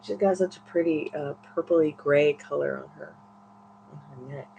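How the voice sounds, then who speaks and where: A woman's voice: low-pitched, moderate pace, gravelly, warm tone, slight background noise, rough recording. A woman hosting a live tarot stream who chats casually and coos playful baby talk to her dogs. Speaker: tarot reader and livestream host. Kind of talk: casual livestream chat.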